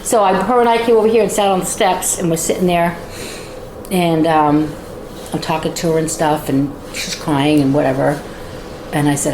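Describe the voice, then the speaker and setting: Woman house guide, animated storyteller, lower voice, echoey room with background noise. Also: normal speed. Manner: lively, acts out quoted voices. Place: inside a large old house.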